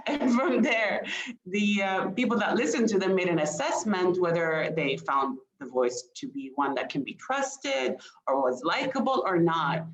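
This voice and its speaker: A woman's voice: lowish voice, lively intonation, unhurried. A woman communication expert giving a webinar presentation, engaging her audience with questions and light laughter. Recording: roomy, dull lo-fi sound.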